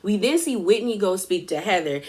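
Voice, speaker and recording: A woman's voice: mid-range voice, expressive, normal speed, a little mellow. A woman hosting a casual reality TV recap, chatty and full of fillers, laughing as she tells it. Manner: chatty, filler-heavy, laughs while telling. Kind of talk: casual episode recap and commentary.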